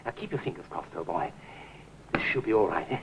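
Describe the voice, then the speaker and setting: A caddish middle-aged charmer, full of clipped, jaunty patter. His voice leaps up and down with lively swings of pitch. It comes through a hissy old television soundtrack. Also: fast talker, vocal fry, poor audio. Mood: breezy, scheming. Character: caddish middle-aged English ladies' man, breezy schemer. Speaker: comic lead. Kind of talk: 1960s studio sitcom acting.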